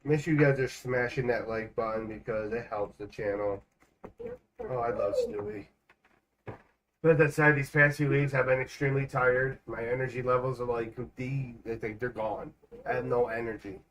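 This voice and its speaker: A man's voice: mid-range voice, fairly even intonation, a bit bright. Guy streaming games at home, chatty and rambly, regular mid voice, bit of hiss. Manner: chatty and rambling, quick jokes. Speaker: livestreamer. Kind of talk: casual gaming livestream chat.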